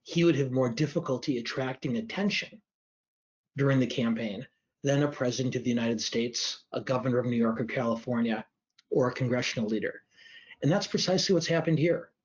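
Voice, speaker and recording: A man speaks at an ordinary mid pitch, analytical and measured, often circling back to restate a phrase. He answers audience questions during a livestream. The sound is dull and lo-fi. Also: darkish tone. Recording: dull lo-fi stream audio.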